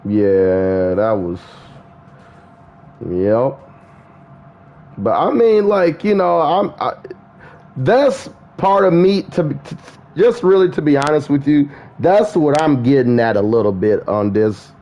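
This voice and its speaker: A man chatting casually on a gaming livestream, excitable and profane, laughing often as he talks. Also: medium pitch, slow pace, pauses often. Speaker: gaming streamer.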